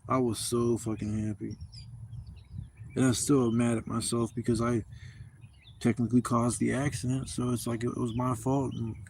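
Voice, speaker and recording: Gravelly man in his fifties, rambling outdoors. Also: mid-range voice, little pitch movement, moderate pace, darkish tone, a little hiss or hum. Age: 50s. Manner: rambling, profane, candid. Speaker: camping vlogger. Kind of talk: casual storytelling to camera. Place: outdoors at a campsite.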